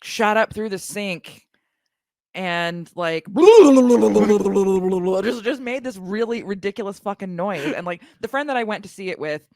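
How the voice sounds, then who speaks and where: A woman's voice: mid-range voice, expressive, measured pace, pauses often, darkish tone, no echo. A woman with a mid-range voice, hosting a podcast and spinning playful, wry stories in easy conversation. Her voice is close to the mic and dry. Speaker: podcast host. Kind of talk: casual chat.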